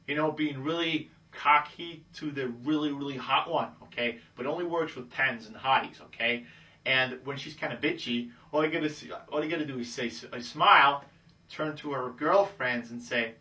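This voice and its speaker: Here a male dating coach talks at a normal speed in a medium-pitched, sharp-toned voice, picked up by a distant mic. His casual instruction is breezy, full of acted-out pickup lines and frequent "okay?" check-ins.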